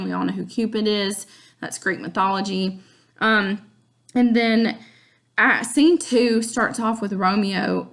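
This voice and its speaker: A woman's voice: mid-range voice, creaky. A woman, explaining a play to students in a casual, chatty lesson. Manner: chatty, informal, addresses students directly. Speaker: teacher.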